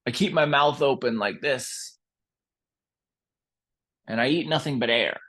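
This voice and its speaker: Brief: man putting on a hushed, pompous coyote from a storybook tale, slow-talking. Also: medium pitch. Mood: grandiose. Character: grand, smug male coyote claiming divinity.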